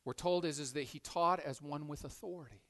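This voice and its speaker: Animated preacher man telling a story. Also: fairly high pitch, a little fast. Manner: animated storytelling, repeats words, swings from loud to hushed. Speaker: pastor. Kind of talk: sermon.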